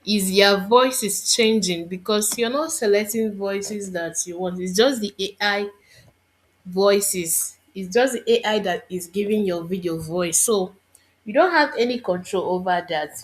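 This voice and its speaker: A woman instructor giving a screen-recorded tutorial, thinking aloud and muttering to herself as she works. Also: mid-range voice.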